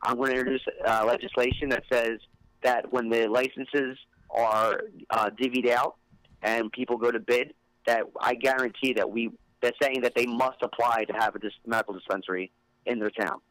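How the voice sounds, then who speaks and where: A man's voice: mid-range voice, fairly even intonation, normal speed, fairly bright tone, dry recording, low-quality recording. Rambling Philly-accented male podcast host. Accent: Philadelphia. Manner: rambling, many fillers and restarts. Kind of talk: casual podcast chat.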